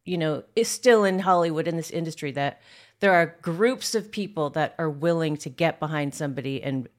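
A woman co-hosting a podcast, reminiscing with the guest in relaxed casual chat. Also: deep voice, normal speed. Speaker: podcast co-host.

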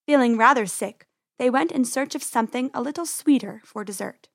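A woman reading a children's story aloud in an expressive, lively way. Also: fairly high pitch, fairly quick, creaky, no echo, clean studio sound.

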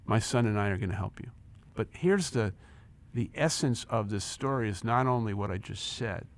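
This former company chief, now in his sixties, speaks at normal speed in a fairly low voice while appearing as an interview guest. He recounts a personal story with animation, performing the quoted lines himself and repeating words when excitement takes over.

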